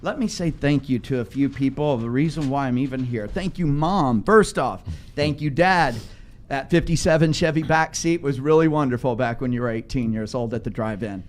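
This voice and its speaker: A man's voice: mid-range voice, normal speed. Joking man hosting a radio talk show. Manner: jokey, laughs often, rambling thank-yous. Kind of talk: casual radio chat.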